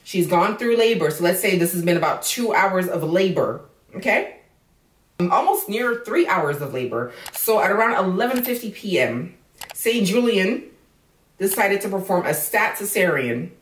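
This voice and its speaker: Outspoken woman vlogger, lowish voice, swears freely, heard from across an echoey room. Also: animated, moderate pace. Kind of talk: casual commentary on a news story. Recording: roomy echo, voice from a distance.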